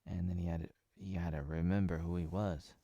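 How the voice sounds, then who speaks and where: Low, mellow-voiced man rambling through a recap. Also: little pitch movement, fairly quick, no room sound. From Oregon, USA. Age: 30s. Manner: meandering, heavy on filler words and jokey asides. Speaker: TV episode reviewer.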